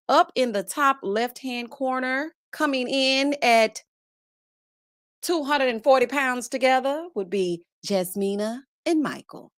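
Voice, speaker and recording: A woman's voice: sits high, dry recording, clean studio sound. A woman hosting a casual live stream, greeting viewers one by one and making sassy, playful asides. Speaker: livestream host.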